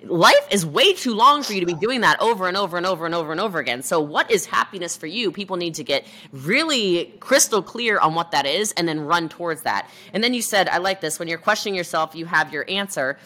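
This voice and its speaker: On a motivational chat show, this entrepreneur guest speaks briskly with few pauses, her low-leaning voice expressive and sharp. She's energetic and emphatic, imitating the people she quotes.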